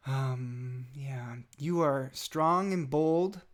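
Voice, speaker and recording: A father speaking a heartfelt message to his toddler son, tender and halting, with many pauses and fillers, sometimes dropping almost to a whisper. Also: medium pitch.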